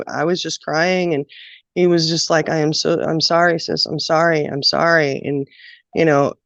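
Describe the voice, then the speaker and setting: A woman telling her own childhood story in a halting, emotional way, with many pauses and fillers. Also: low voice, no room sound. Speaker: guest sharing childhood story. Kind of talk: personal storytelling. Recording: dull, dry lo-fi sound.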